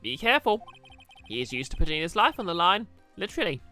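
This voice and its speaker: A man voicing a loud, boisterous male clown in a video game, booming and punny. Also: big pitch swings, quick pace, faint music behind, full character voice.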